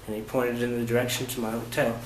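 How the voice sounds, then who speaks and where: A man vlogging about his travels, recounting events in a casual, halting way with many fillers and restarts. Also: medium pitch, level tone. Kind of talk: casual first-person storytelling. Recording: roomy echo with faint ambient noise.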